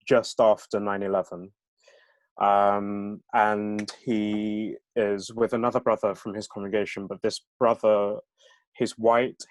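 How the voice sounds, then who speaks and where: A man's voice: on the low side, no room sound. A male author talking at a book event and reading from his novel, with many hesitations.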